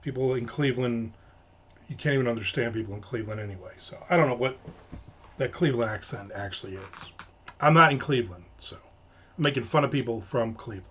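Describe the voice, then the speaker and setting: An American man hosts a casual livestream, reading viewer comments and answering with jokes while rambling, trailing off and restarting. He talks fast in a medium pitch, a bit bright, on a slightly muffled lo-fi home mic with slight background noise.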